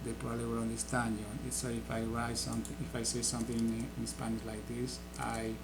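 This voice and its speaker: A middle-aged man giving a casual spoken language lesson, explaining slowly with many fillers and restarts. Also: mid-range voice, completely flat delivery, background noise. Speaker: language teacher.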